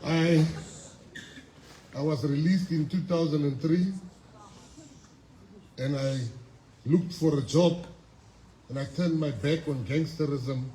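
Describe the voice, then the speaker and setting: Man, South African accent, 50s, motivational speech, emphatic storytelling, warm tone, roomy echoey hall. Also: on the high side, slight background noise. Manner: emphatic storytelling with repeated phrases and pauses. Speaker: guest speaker at a school. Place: school assembly hall. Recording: echoey hall with faint ambience.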